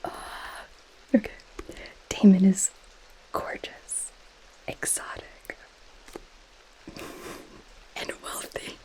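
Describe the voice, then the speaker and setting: Whispered role-play, woman doing a sarcastic goth girl, slow hushed reading, mocking asides. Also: rough recording. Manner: sarcastic, mocking commentary while reading aloud. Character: snarky, possessive goth girl friend. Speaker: ASMR creator.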